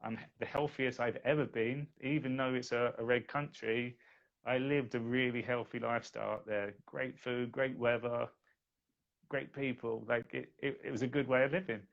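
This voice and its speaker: Gravelly-voiced man telling a story. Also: medium pitch, fairly even intonation, normal speed. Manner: recounts events plainly, quotes others. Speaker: guest. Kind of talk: casual podcast chat, storytelling. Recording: dull lo-fi audio.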